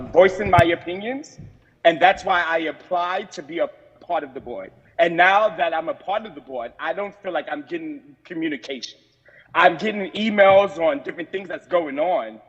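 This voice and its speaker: A man with a fairly high voice presses his complaint over a video call, aggrieved and insistent, stopping and restarting as he goes. His audio comes through dull and muffled, with a long reverberant tail. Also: fairly bright tone. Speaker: community board member. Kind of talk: remote meeting remarks.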